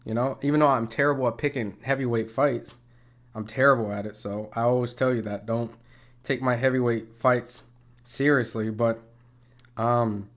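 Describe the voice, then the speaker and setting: A man commenting on a boxing match in a livestream. He talks casually, swears, and argues with viewers' comments. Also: mid-range voice. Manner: conversational, profane, argumentative.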